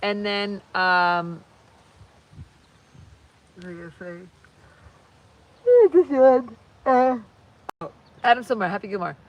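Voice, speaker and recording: A woman's voice: medium pitch, slow, pauses often, no echo, highs cut off. Rambling woman streaming live, far from the mic. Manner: rambling, chatty, reads viewer comments aloud. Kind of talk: casual live stream chat. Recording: distant mic with faint background noise.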